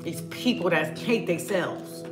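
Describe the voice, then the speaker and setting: A woman's voice: fairly low pitch, unhurried, over music. A woman ministering online, preaching a fiery rant at her viewers, emphatic and scolding, with lots of repetition and casual talk.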